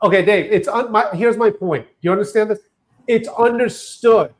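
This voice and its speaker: High-voiced joking man bantering. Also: moderate pace. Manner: joking, laughing, repeats points insistently. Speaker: co-host. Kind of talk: casual comedic banter.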